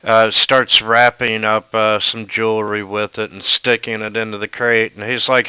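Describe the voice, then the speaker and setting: A man running a tabletop game as game master, narrating slowly with many fillers. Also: lowish voice, level tone, bright, forceful tone, smooth, no echo, poor audio.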